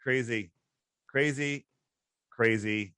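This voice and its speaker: A man's voice: medium pitch, slow, pushed and bright, clean tone, no echo. A man hosting a podcast chat, talking in an emphatic, incredulous and sarcastic way. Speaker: host.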